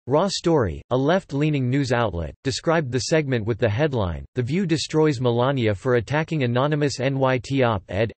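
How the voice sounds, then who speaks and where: A man's voice: medium pitch, a little mellow, no room sound. Man reading news, dry close sound. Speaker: news narrator. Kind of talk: scripted news narration.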